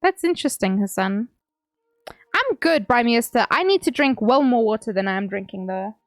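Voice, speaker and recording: A woman's voice: on the high side, lively intonation, moderate pace, dry recording, clean studio sound. A young woman livestreaming, chatting casually with viewers, reading messages aloud and laughing often. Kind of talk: casual chat with stream viewers.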